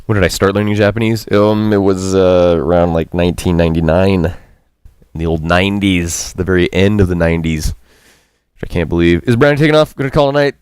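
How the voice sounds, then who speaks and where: A man streaming a game, translating its lines aloud as he goes, halting and thinking aloud with lots of fillers and some self-mockery. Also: sits low, a little mellow, clean tone, no room sound, clean studio sound. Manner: chatty and self-mocking, reads out character lines.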